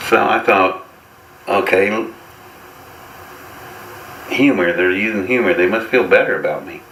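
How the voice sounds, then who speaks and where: A man with a low, bright, forceful voice tells his story in a folksy, wry way, breaking into chuckles. He sounds like he is in a roomy, echoey space with a faint hiss behind him. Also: a little slow, long pauses. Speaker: interview guest. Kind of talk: casual storytelling.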